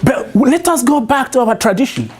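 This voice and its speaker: A man's voice: very high-pitched, lively intonation, normal speed, a little hiss or hum. A man with a Nigerian accent telling a traditional story to a live audience, prompting them with call-and-response questions.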